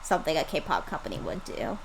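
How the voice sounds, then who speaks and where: A woman co-hosting a casual chat show, giggly and animated as she gushes. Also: low-pitched, fairly quick, a little hiss or hum, low-quality recording. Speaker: podcast co-host.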